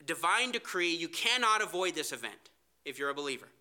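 Male pastor, sermon, smooth clear voice, ringing tone, earnest delivery. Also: fairly high pitch, big pitch swings, fairly quick, bright, forceful tone. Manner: earnest preaching, reads scripture aloud.

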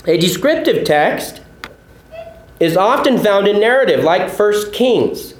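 A man's voice: sits high, animated, measured pace, reverberant, rough recording. A male pastor teaching a sermon, explaining a text step by step, repeating key points and putting questions to his listeners.

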